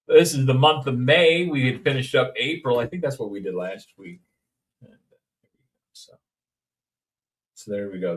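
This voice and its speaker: A rambling, jokey toy-collecting streamer from Indiana, USA, chats casually while unboxing, his voice medium in pitch and fairly bright. He sings little snippets along the way, and the mic sits at a distance.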